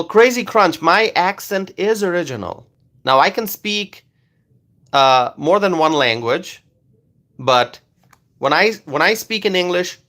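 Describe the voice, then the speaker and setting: A man's voice: fairly high pitch, pushed and bright. A man doing live-stream political commentary into his phone, repeating his points emphatically and asking rhetorical questions.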